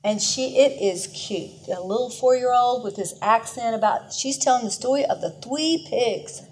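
A woman's voice: a little high, moderate pace, a little hiss or hum. Earnest woman teaching a Bible lesson. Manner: earnest, conversational, often restarts mid-sentence.

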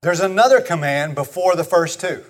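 A man's voice: on the high side, lively intonation, moderate pace. A man with a Texan accent preaching a sermon, folksy and emphatic, leading the congregation to repeat words after him. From Texas. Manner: folksy, emphatic repetition, leads the congregation in call-and-response. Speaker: pastor.

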